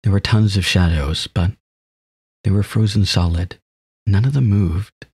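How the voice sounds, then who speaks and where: A man's voice: deep voice, a little slow, darkish tone, husky, no room sound, clean studio sound. A man reading a visual novel aloud in the first person, breaking off now and then to laugh and comment. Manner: laughs and comments between read lines.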